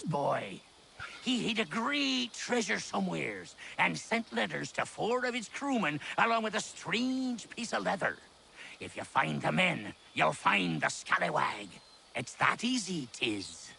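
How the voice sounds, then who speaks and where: A gravelly, high, sharp-edged old pirate for a video game. He swings all over his range as he mocks and haggles, and a faint hiss sits under his lines. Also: very animated, a little slow, heavily acted. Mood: sly. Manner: teasing, bargaining. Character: gruff old male pirate, sly and mocking. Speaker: pirate captain.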